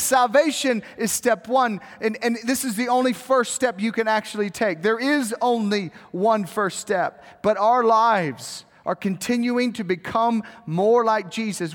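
A man in his thirties, a pastor, preaching a sermon in a church, chatty and self-deprecating with story asides, rising to fervent appeals. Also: high-pitched. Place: church sanctuary. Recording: long reverb of a large hall.

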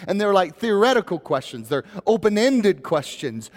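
A man's voice: sits high, sing-song, normal speed, hardly any pauses, long reverb tail. A male pastor preaching a sermon in a conversational way, building to rising, emphatic questions.

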